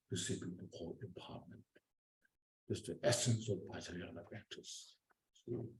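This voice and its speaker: A man giving a Buddhist dharma teaching in short, halting phrases, often repeating words. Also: fairly low pitch, dark tone, echoey room, rough recording.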